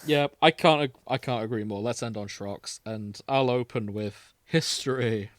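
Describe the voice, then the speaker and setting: A man's voice: mid-range voice, no room sound. Giggly young man, dry sound. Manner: laughs often, quick asides. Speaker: podcast host. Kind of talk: casual chat.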